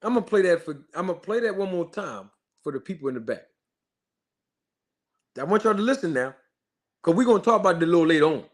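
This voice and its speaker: Brief: Philly-male streamer, slightly high voice, hypes the chat and scolds trolls with repetition. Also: sing-song, fast talker, long pauses. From Philadelphia. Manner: hyped, shouts out viewers, repeats himself emphatically. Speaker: livestream host. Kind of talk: live-stream chat and commentary.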